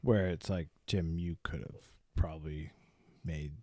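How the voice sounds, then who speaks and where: A man's voice: extremely low pitch, steady tone, unhurried, a little mellow, no echo, studio quality. A man co-hosting a casual podcast, laid-back and swearing in passing. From Maine. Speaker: podcast co-host. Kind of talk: casual chat.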